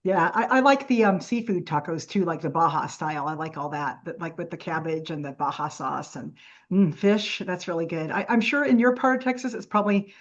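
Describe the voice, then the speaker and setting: A woman's voice: fairly low pitch, a little fast, highs cut off. Chatty, enthusiastic woman co-host. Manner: chatty, enthusiastic, warm-hearted. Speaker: podcast co-host. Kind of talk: casual podcast chat.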